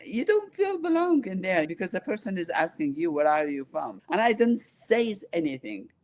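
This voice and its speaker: Iraqi-accented woman in her sixties, sincere interview guest, talks in halting bursts with restarts. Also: medium pitch, very animated, a little mellow. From Iraq. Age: 60s. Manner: halting, earnest, restarts often. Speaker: guest, nonprofit founder. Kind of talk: interview conversation.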